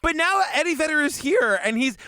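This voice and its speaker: A man co-hosting a podcast in casual chat, with an expressive, exclaiming delivery. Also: very high voice, fairly quick. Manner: expressive, swooping, exclaiming and laughing often. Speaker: podcast co-host.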